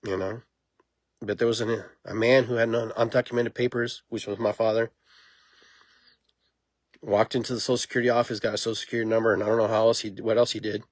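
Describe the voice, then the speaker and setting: A man hosting a podcast in a casual monologue, talking in an animated, rambling way and laughing at himself. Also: lowish voice, quick pace, long pauses, no room sound. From immigrant to the United States. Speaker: podcast host.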